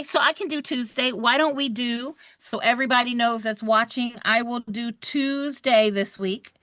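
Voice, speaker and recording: A woman, running a live online review for a real estate exam, chatty and animated as she talks straight to her viewers. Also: medium pitch, dry recording, studio quality.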